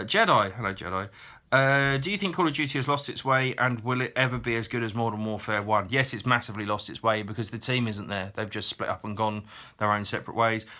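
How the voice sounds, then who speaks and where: A man talks through viewer questions in a relaxed, honest way. His voice has a bright, forward edge, and he pauses often with ums as he gathers his thoughts. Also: lowish voice. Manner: chatty, frank, hesitant with frequent ums. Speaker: YouTuber answering viewer questions. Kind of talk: casual Q&A chat.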